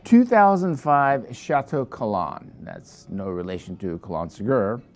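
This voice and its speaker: A man's voice: mid-range voice, sing-song, measured pace, soft background music. A man presenting a wine for his shop in a casual, rambling review full of digressions and restarts.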